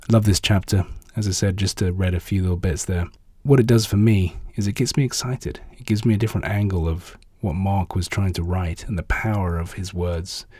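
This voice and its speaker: A man preaching, reading book extracts aloud in a measured, earnest way and adding his own comments. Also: low voice, steady tone, mellow, breathy edge, no room sound, studio quality.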